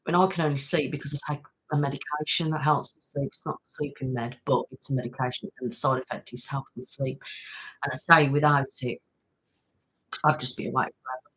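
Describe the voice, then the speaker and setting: Woman, ASMR host, low husky voice, casual live-stream chat. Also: steady tone, quick pace, fairly bright tone, rough recording. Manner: chatty, thanks viewers by name, trails off. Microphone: studio mic.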